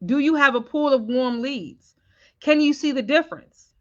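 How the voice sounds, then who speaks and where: Bright-voiced woman coaching on a live stream. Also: high voice, normal speed, dull audio. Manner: keeps checking in with viewers. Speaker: sales coach.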